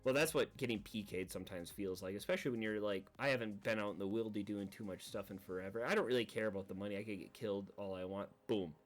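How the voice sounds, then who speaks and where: A man giving casual, rambling commentary over his own gameplay video, laughing at his own panic and acting out quick asides. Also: on the low side, soft background music. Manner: rambling, self-deprecating, recounts panic with quoted asides. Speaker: gaming video creator.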